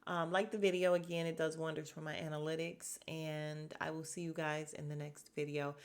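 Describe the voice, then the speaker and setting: A woman talks through a TV recap in a loose, chatty way. Her voice sits a little low, and she is blunt and fed up with the drama. She sighs and laughs as she goes. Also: little pitch movement, normal speed. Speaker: podcast host reviewing a reality show. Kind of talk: casual recap commentary.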